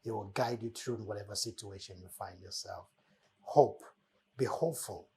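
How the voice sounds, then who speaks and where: A man's voice: on the low side, moderate pace, warm tone. A man hosting a motivational talk, preaching life lessons with emphatic, repeated phrases. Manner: preacherly, repeating key words with emphatic swells. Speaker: host.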